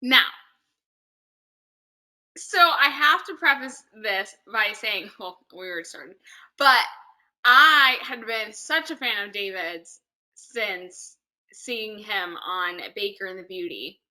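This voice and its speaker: A woman telling stories in a casual interview, acting out her own reactions. Her voice is bright and forceful, and her pitch swings widely. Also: slow, low-quality recording. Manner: animated storytelling, acts out her own reactions. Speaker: actress interviewee.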